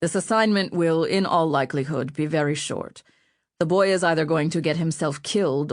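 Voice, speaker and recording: A woman's voice: low voice, dry recording, natural voice. A woman voicing a cold, unsentimental male spy writing sardonic notes. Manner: dry, unsentimental.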